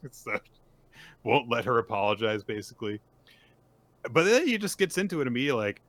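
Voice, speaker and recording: Deep-voiced man recapping manga casually. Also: fairly quick, dry recording. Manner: animated retelling with put-on character voices. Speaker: podcast co-host.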